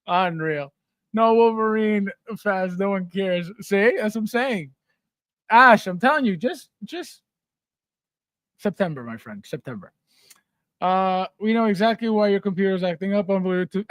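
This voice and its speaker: A man's voice: high-pitched, normal speed, a bit bright, clear, resonant tone, dry recording, clean studio sound. A man hosting a casual livestream, reading viewer comments aloud, laughing often and repeating words for comic effect. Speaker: livestream host.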